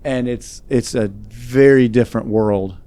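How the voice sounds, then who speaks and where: A man's voice: medium pitch, unhurried, mellow, no echo. A man speaking as a guest, telling a personal story in an earnest, reflective way. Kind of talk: storytelling in conversation.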